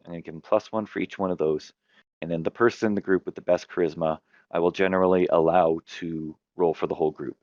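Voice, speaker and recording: On his tabletop gaming podcast, a man with a low, darkish voice spins a long tale as game master in a relaxed, chatty way, often pausing to fix what he just said. The audio is lo-fi with no echo.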